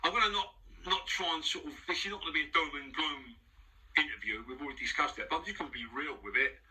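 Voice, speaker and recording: A man's voice: on the high side, fast talker, pushed and bright, far from the mic, rough recording. Rambling man with a London accent. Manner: rambling, frank, with frequent restarts and swearing. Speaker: interview guest. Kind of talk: casual spoken monologue. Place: studio. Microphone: wearing headphones.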